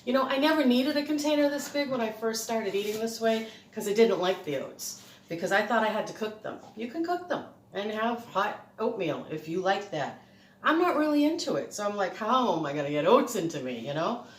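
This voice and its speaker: A woman's voice: a little high, expressive, a little fast, a little hiss or hum. Chatty, slightly breathless middle-aged woman for a home cooking vlog, filmed on a phone in an echoey kitchen. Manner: chatty, rambling, laughs often. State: a little breathless. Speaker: cooking vlogger. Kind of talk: casual home cooking demo. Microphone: phone camera.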